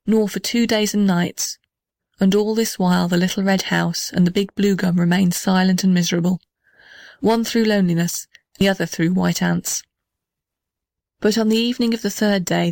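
A woman reading a children's storybook aloud in an even, gentle way. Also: mid-range voice, normal speed, creaky, no room sound, clean studio sound.

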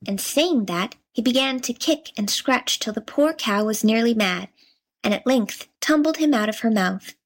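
A woman narrating a fairy tale in a measured, gently expressive storybook reading. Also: on the high side, low-quality recording.

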